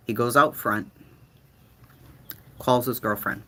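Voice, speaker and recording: A man tells true-crime stories with a bright, sharp tone and a husky edge. He is dramatic and profane, and he repeats his punchlines. His voice swoops from low mutters up to high exclamations. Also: slow, pauses often. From Boston, USA. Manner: animated, profane, dramatic repetition. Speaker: host.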